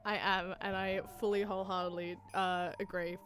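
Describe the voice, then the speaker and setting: A woman's voice: medium pitch, little pitch movement, normal speed, a bit bright, soft background music. A young woman, chatting and joking while reading a visual novel aloud with a friend. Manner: giggly, rambling, jokey. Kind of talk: casual chat and dramatic reading.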